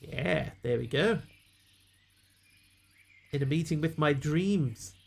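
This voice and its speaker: A man's voice: a little high, animated, slow, creaky. A man playing a game on a live stream, chatting casually with viewers and yelping aloud whenever his character takes a hit.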